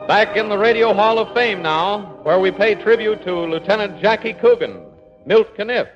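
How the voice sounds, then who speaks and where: A man announcing a 1940s radio show in a polished, ceremonious style. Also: high-pitched. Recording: dull lo-fi 1940s radio broadcast with music.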